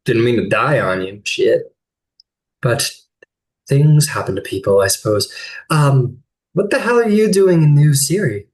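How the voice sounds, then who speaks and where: A man's voice: mid-range voice, animated, unhurried, close to an everyday voice, rough recording. A man voicing a cheerful dead woman friend with a sing-song manner in a tabletop game. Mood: breezy. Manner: breezy and teasing.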